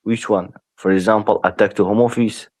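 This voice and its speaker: A Persian-native man who calls in and speaks halting, broken English with frequent apologies. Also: on the low side, fairly even intonation, no room sound. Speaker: caller.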